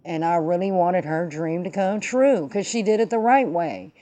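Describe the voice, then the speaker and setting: A woman's voice: on the low side, moderate pace, mellow. A woman hosting her own vlog, telling a story and ranting about politics in emphatic, profane, slangy talk. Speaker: vlog host. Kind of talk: casual political rant and storytelling.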